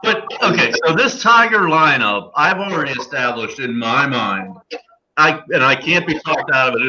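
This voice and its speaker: A man's voice: mid-range voice, expressive, normal speed, noisy background. A man hosting a casual sports betting podcast, reading off odds and picks with many fillers and restarts. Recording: dull lo-fi podcast audio.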